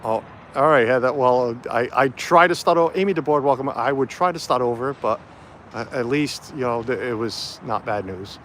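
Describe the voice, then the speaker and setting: A man's voice: medium pitch, moderate pace, fairly bright tone, slight background noise. A man chatting casually on a phone livestream while walking around a festival site outdoors, rambling with lots of fillers. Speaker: livestream vlogger. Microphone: phone camera held while walking.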